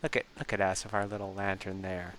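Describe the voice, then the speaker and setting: A man's voice: low-pitched, little pitch movement, a little fast, fairly bright tone, slight background noise. A man giving casual let's-play commentary close to a desk microphone, rambling with self-deprecating asides and breathing audibly into the mic. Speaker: game commentator.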